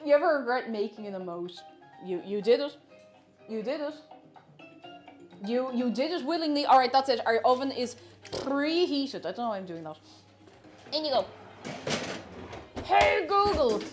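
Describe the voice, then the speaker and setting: Irish woman baking at home on stream, teasing chat, voice goes up and down a lot, sits a bit high. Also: expressive, normal speed, long pauses, faint music behind. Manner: playful, teasing, joking with chat. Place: home kitchen.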